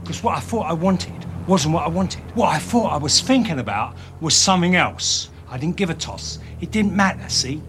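A hard-bitten ex-convict with a thick Cockney accent, talking slow and menacing in street slang. The voice sits a touch high, and a faint ambient hiss runs under it. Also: male voice, animated, a bit bright. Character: tough ex-con man, thick Cockney put-on. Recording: film clip with faint ambience.

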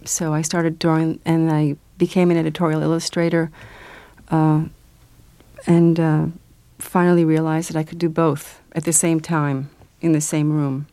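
A woman with a slightly low voice speaks as a radio interview guest. She hesitates and restarts often and laughs easily. The sound is dry and close. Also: flat delivery, moderate pace, warm tone, smooth, no echo. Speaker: guest, children's book author and illustrator.

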